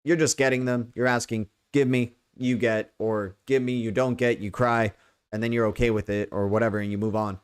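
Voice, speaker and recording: A man's voice: fairly low pitch, level tone, fairly quick, clean tone. An American man hosting a casual livestream, rambling and checking in with "right?" as he explains. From United States. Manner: rambling, repeats "right?", many fillers. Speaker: crypto livestream host.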